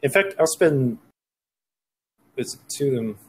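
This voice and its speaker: A man playing a tabletop game, thinking aloud in a relaxed, casual way. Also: medium pitch, a little slow, husky, low-quality recording. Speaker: player.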